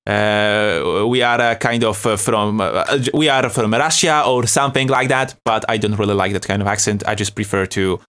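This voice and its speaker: A man's voice: fairly low pitch, moderate pace, few pauses, fairly bright tone, clear, resonant tone. A young man from Poland with a Polish accent, hosting a live beat-making stream in a loose, chatty way, reading chat aloud and laughing often. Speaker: beat-making livestream host.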